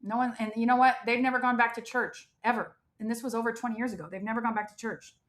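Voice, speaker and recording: A middle-aged woman from the United States telling her life story as a guest in an interview, animated and emphatic, acting out what people said. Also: on the high side, fast talker. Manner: animated, emphatic, frequent "like" and quoted dialogue.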